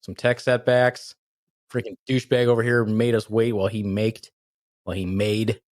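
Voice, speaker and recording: A man's voice: fairly low pitch, little pitch movement, normal speed, no room sound, studio quality. A man hosting a casual comedy podcast, reading jokes and cursing at his co-host in mock anger. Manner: profane, teasing, mock-angry.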